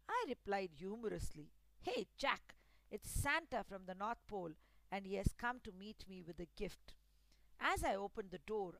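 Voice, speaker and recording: A woman narrating a spooky first-person story in a deliberate, dramatic storytelling manner. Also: medium pitch, no echo, poor audio.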